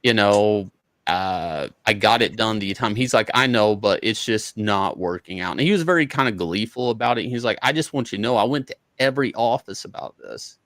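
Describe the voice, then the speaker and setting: A man's voice: lowish voice, expressive, brisk, a bit bright, no room sound. A man, a comic book artist, telling a story in an interview in a casual, profane way, acting out both sides of each conversation.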